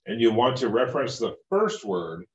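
A man's voice: medium pitch, sing-song, moderate pace. A man reading textbook passages aloud in class and asking short questions. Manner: reads steadily, asks short questions. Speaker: student. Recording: roomy, distant and muffled.

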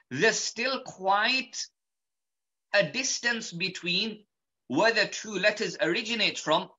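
A man teaching pronunciation in a slow, methodical lesson, patiently repeating each point. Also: high voice, pushed and bright, highs cut off. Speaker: Quran recitation teacher.

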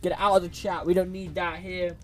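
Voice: medium pitch, level tone, fairly quick, a bit bright, soft background music. A streamer chatting casually over a story game, reading the characters' lines aloud in playful voices and swearing in slangy asides. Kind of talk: casual gaming livestream commentary.

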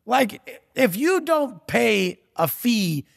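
A man's voice: very high-pitched, sing-song, drawn-out words, vocal fry, dry recording, studio quality, long reverb tail. A man giving a profane, aggressive motivational rant as a podcast guest, taunting and blunt.

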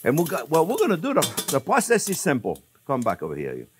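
Chatty French-accented older chef. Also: male voice, on the high side, wildly swooping pitch, fast talker, background noise. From France. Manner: chatty, repeatedly calls viewers friends, laughs at himself. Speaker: cooking show host. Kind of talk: casual cooking demonstration.

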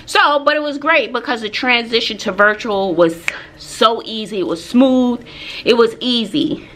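A woman's voice: on the high side, unhurried. A woman, chatting casually in a vlog. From Texas, USA. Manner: chatty, animated storytelling with asides. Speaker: vlogger and teacher.

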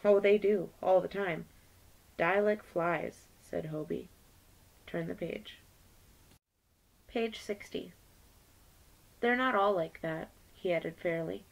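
A woman's voice: lowish voice, slow, gravelly, pauses often, rough recording. A woman teacher reading a novel aloud to her class, page by page, lightly voicing the characters.

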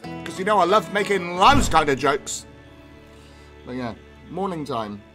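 A rambling man streaming a game, talking to his viewers in an easy, chatty way that swears freely. His voice sits a little high for a man. Game music plays clearly beneath his voice. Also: animated, measured pace, pushed and bright. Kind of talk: casual gameplay stream chat. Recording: game music playing behind.

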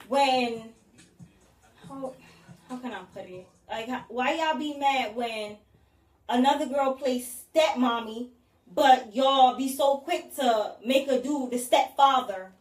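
A woman's voice: high-pitched, takes it slowly, roomy sound, far from the mic. A young woman co-hosting a live call-in talk show, blunt and sassy, talking back at the callers. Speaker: co-host.

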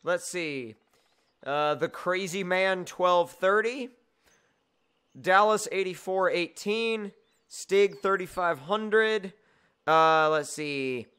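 A man's voice: high-pitched, slow pace, sharp tone, clean tone. A young man hosting a casual gaming video, teasing his friend and laughing while they play together. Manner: teasing, exasperated, laughs a lot. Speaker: gaming channel host. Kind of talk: casual gameplay chat.

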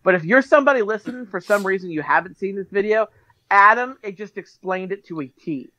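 A podcast co-host with a bright, forceful voice chats casually. The host chimes in with quick reactions and jokes, and heaps praise on the other host's story. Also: mid-range voice, animated, muffled recording. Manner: reacts with short interjections, jokey and full of praise. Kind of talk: casual chat.

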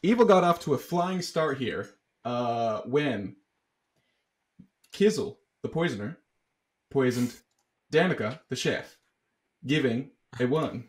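A man running a social deduction game as storyteller, announcing results and recapping the roles with drawn-out words, chuckles and many fillers. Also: medium pitch, animated.

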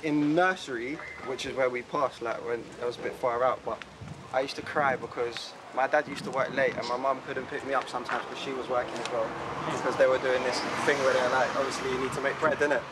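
A man from Poland, chatting animatedly with lots of slang while walking through his childhood neighbourhood. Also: mid-range voice. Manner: animated, slangy, quick to laugh. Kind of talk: casual walking tour chat. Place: outdoors on city streets. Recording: street noise and traffic outdoors.

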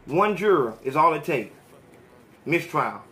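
A man's voice: on the high side, very animated, a little slow, sharp tone, soft background music. A man hosting a podcast, giving heated, profane commentary in a preachy, fiery manner. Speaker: podcast host.

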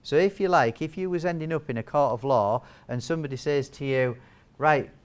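A man's voice: on the high side, fairly quick, smooth. A man giving a training talk to nurses as a wound care trainer, chatty and joking, quizzing the audience. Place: training hall with a live audience.

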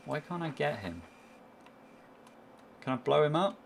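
Rambling, chatty let's-play host. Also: male voice, on the high side, big pitch swings, unhurried, vocal fry, slight background noise. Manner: rambling, chatty, thinking aloud with many fillers. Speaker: gaming channel host.

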